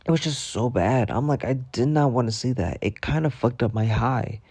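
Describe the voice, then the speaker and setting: A man's voice: medium pitch, normal speed, a little mellow, husky, dry recording. A young man telling a mock-dramatic storytime rant in slangy, swear-filled casual talk. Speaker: storytime vlogger.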